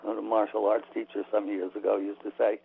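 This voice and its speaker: A man's voice: on the low side, little pitch movement, brisk, vocal fry, slightly rough. A man being interviewed on the radio, talking emphatically and opinionatedly with frequent restarts, heard over a tinny phone line. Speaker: author and guest.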